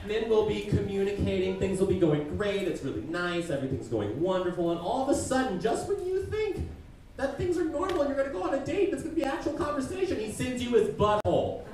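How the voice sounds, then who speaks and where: A man doing a stand-up roast while sick, rambling and halting in a self-deprecating way on a comedy club stage. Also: sits high, sing-song, darkish tone. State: sick, congested. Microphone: stage mic at a distance. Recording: echoey stage from far off, crowd laughter.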